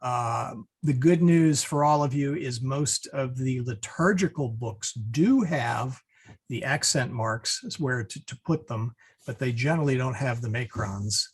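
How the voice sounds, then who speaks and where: Husky man teaching an online class. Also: mid-range voice, a little slow. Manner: relaxed, many fillers and restarts.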